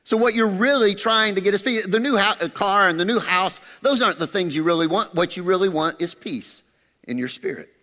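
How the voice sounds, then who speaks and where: A man preaching a sermon as pastor, animated, dropping to soft low tones for emphasis. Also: a little fast, big-room sound.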